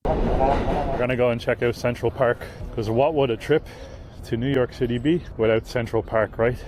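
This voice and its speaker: A man's voice: medium pitch, fairly even intonation, moderate pace. A man from Dublin with an Irish accent, vlogging cheerfully while walking around a city. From Dublin, Ireland. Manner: upbeat, easily amused. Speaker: traveler. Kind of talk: travel vlog narration on the street. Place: outdoors on a busy city street. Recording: city crowd noise behind.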